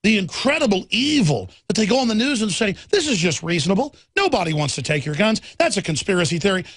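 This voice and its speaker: A man's voice: high voice, fairly bright tone, dry recording. A man hosting a political radio talk show, ranting in a fiery, combative way from a studio.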